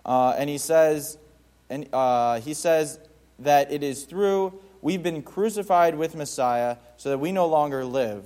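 A man's voice: mid-range voice, darkish tone. A man giving a conversational Bible teaching to his community, informal and emphatic, with frequent fillers and restarts. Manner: emphatic on key points.

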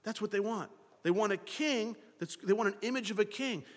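A man preaching a sermon in an animated way, acting out the thoughts of the people in his story. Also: high voice, normal speed, big-room sound. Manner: animated, acts out characters' thoughts in dialogue.

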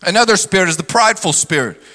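A man preaching with a bright, ringing tone that sits high for a male voice. He drives the sermon with energy and slips into mocking impressions of skeptics. His voice trails a long reverb, as if filling a large church hall. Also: expressive, fast talker. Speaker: pastor.

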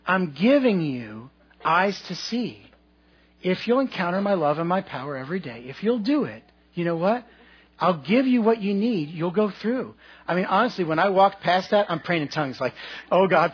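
A man's voice: high voice, lo-fi sound. A man preaching a sermon to his congregation, telling a personal story in a conversational, humorous way with asides to the listeners. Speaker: pastor.

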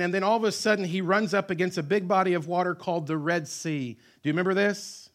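A man's voice: high voice, fairly even intonation, quick pace, few pauses. A middle-aged man preaching a sermon as pastor. He asks the congregation rhetorical questions and slips in joking asides about married life.

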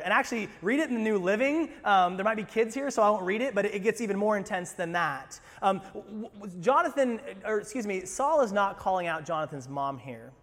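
A pastor preaching a sermon, animated and conversational, with humorous asides. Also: male voice, high voice, long reverb tail.

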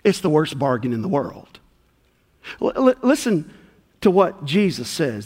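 Animated preacher in a reverberant hall. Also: male voice, on the high side, takes it slowly, long pauses. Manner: animated, folksy storytelling with acted-out dialogue. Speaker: pastor. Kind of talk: sermon with personal storytelling. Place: church sanctuary.

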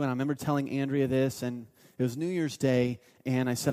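A man preaching a sermon as pastor, telling stories and moving between loud urging and hushed asides. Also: medium pitch, little pitch movement, a little fast, hardly any pauses, smooth, in a large hall.

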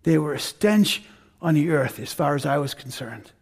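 A man's voice: fairly high pitch, expressive, normal speed, creaky, breathy edge, pitched below the performer's own voice, exaggerated voice. A man preaching as the apostle Paul, telling in first person and with emphatic repeats how he became a believer. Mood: earnest. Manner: earnest first-person retelling, emphatic repetition. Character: apostle Paul, grown man, fervent former persecutor.

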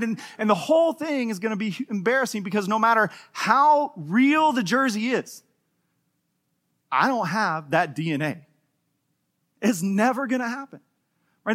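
A middle-aged man preaching a sermon to a congregation, telling stories with playful humor and acting out voices. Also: high voice. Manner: animated storytelling with playful humor, acting out quotes. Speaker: pastor. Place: church in front of a live congregation.

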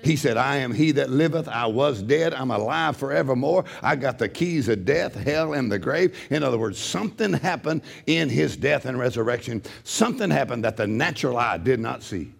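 A middle-aged man preaching a sermon as a pastor, with a gravelly voice, swinging from loud shouting to low joking asides. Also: animated, normal speed, hardly any pauses.

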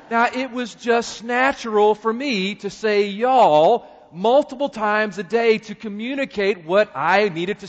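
A middle-aged man from North Carolina with a Southern accent, preaching a sermon with animated, emphatic delivery and touches of humor. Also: sits high. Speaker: pastor. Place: church sanctuary. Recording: dull audio with long hall reverb.

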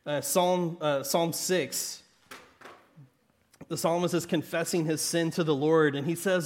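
Conversational preacher with a Southern Arkansas accent. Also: male voice, a little high, steady tone, a little slow. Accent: Southern American (Arkansas). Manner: conversational, frequent "right?" and restarts. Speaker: pastor. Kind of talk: sermon.

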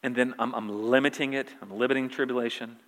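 A man's voice: mid-range voice, steady tone, fast, fairly bright tone. A man preaching a conversational sermon, repeating phrases for emphasis. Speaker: pastor. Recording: reverberant hall.

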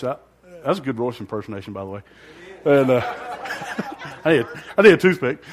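A man telling his personal testimony in a loose, rambling way, with a middling pitch and a plain everyday voice. He pokes fun at himself, laughs along the way and acts out what he was thinking back then. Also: sing-song, normal speed, long pauses. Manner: rambling, self-deprecating, with frequent laughs; acts out his own inner thoughts. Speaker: church member giving a testimony.

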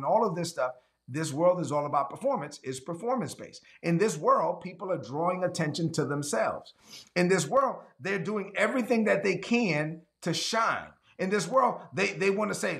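This pastor's voice is a little high, animated, fairly quick and fairly bright. Preaching an online sermon, he repeats key phrases, prompts replies in the chat, and at times acts out quoted voices.

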